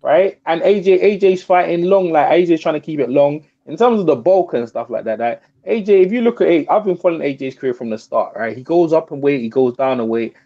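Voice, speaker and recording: A man calling in to a boxing talk show, talking fast, repeating himself and pressing his point. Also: fairly high pitch, expressive, warm tone. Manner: rapid, repeats himself, talks over others. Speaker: guest on a boxing call-in show. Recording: muffled lo-fi call audio.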